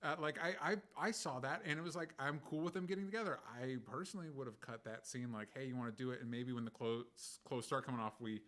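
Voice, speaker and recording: Quick-talking guy on a tv review show, excited, lots of restarts. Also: medium pitch. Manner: enthusiastic, many "yeah"s and restarts. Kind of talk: casual TV review chat.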